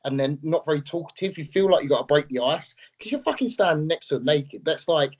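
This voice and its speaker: A man's voice: a little high, expressive, quick pace, husky, dull audio. A man co-hosting a podcast in casual chat, blunt and joking, swearing freely. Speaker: podcast co-host.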